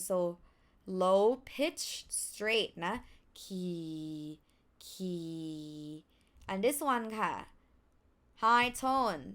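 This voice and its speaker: A woman's voice: on the high side, a bit bright. Thai-accented woman teaching tones. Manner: slow, careful, drawn-out tone demonstrations. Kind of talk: language lesson.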